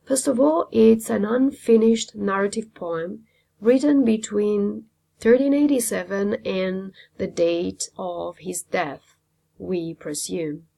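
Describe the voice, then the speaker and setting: Woman teacher, Italian native, mid pitch, gravelly, patient explainer. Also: takes it slowly, dark tone. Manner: explains step by step, with frequent ums and uhs. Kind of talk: classroom lecture.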